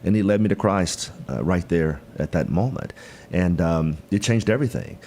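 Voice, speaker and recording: A man's voice: low-pitched, expressive, normal speed, darkish tone, slight background noise. A man from Mississippi, a guest speaking in an earnest, folksy way with plenty of fillers. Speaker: political guest. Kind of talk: casual interview.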